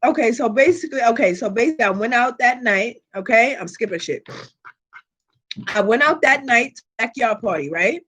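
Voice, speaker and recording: A woman hosting her channel, telling a personal story in a casual vlog with animated, profane delivery and constant check-ins with her viewers. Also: fairly high pitch, moderate pace, breathy edge. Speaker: tarot reader and channel host.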